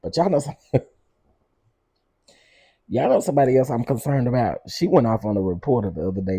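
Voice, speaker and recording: A man's voice: medium pitch, animated, normal speed, pauses often, dark tone, slightly rough, no echo, studio quality. A man hosting a casual commentary show, sassy and gossipy, laughing often and repeating lines for effect.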